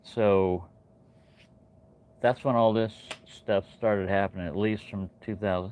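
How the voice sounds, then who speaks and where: A man's voice: fairly low pitch, unhurried. A man hosting a casual livestream, telling a long story in a rambling way, with many fillers and restarts. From New Mexico. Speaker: channel host. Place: home in Texas.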